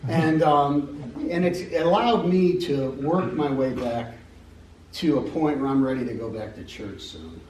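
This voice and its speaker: A man's voice: a little high, a little slow, a little mellow, a little hiss or hum. A middle-aged American man giving an unscripted personal testimony at a church meeting, rambling and joking as he tells stories. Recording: echoey hall from a distance.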